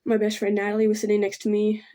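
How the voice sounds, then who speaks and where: Soft, halting young woman telling a story. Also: medium pitch, completely flat delivery. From Thailand. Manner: halting and rambling, full of ums and likes; soft and subdued, keeps apologizing. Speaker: vlogger. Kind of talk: casual storytime while doing makeup.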